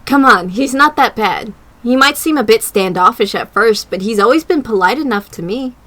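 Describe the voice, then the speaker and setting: Woman reading a calm, reasonable young woman. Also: a little high, moderate pace.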